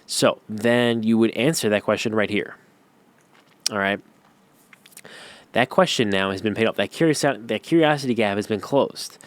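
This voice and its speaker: A young man with a lowish voice runs through a relaxed tutorial, speaking loosely with plenty of ums and restarts as he sketches out his points. The recording is close and dry, with no room sound. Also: moderate pace, long pauses, no room sound. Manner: loose and conversational, many ums and restarts, sketching on screen as he explains. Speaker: YouTube growth course teacher. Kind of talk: casual tutorial explanation.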